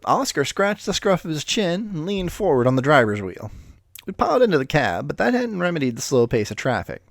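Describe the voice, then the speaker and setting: A man's voice: fairly high pitch, very animated, a little fast, gravelly, no room sound, clean studio sound. A man reading a story aloud with a casual, profane, self-deprecating manner and offhand asides. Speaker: reader of stories.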